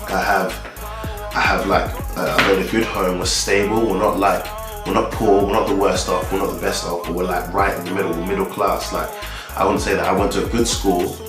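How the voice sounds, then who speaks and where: Young man, from Nigeria, low voice, rambling casual vlog talk, roomy echo. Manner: rambling, many restarts and "like" fillers.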